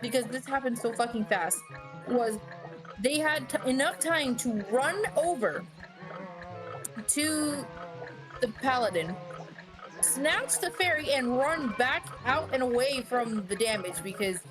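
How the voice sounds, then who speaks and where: A woman tells a story with a lot of life in it, swearing freely and laughing as she goes. Her voice sits a bit higher than most. Soft music plays behind her. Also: a little slow. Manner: animated and expressive, swears freely, laughs often. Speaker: friend recounting a tabletop game session. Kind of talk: casual storytelling on a stream.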